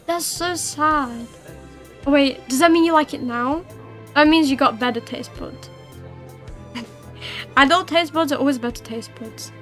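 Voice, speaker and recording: A woman's voice: sits high, moderate pace, pauses often, fairly bright tone, faint music behind. A young woman hosting a livestream, chatting casually with her viewers in a rambling way full of fillers and restarts. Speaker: livestream host. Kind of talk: casual chat with viewers while streaming.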